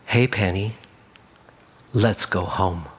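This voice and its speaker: A man voicing a gentle, caring shepherd who calls softly and kindly in a storybook tale. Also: takes it slowly, slightly rough. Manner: soft, low and kindly calling.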